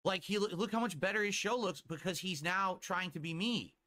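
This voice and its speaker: A man's voice: high-pitched, fairly quick, pushed and bright. A man in a clip from his stream, talking in a brash, profane, bragging way. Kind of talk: casual stream chat.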